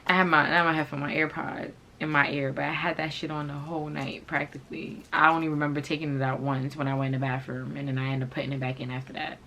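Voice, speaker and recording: A young woman telling a story to her viewers in a casual, animated and profane way, full of slang. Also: sits low, fast talker, few pauses, slight background noise. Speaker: vlogger.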